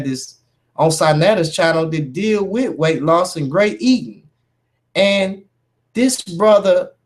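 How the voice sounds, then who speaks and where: A man calling out a rival in a heated vlog rant, emphatic and confrontational, with "man" and "bruh" as constant fillers. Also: fairly high pitch. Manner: confrontational, addresses a rival directly. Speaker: YouTube commentator. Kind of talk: heated call-out rant to camera.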